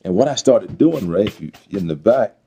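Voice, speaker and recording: Middle-aged man, interview guest; low, raspy, dark timbre, reflective and earnest. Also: expressive. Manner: earnest, reflective, halting with fillers. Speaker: interview guest telling his life story. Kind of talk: personal testimony interview.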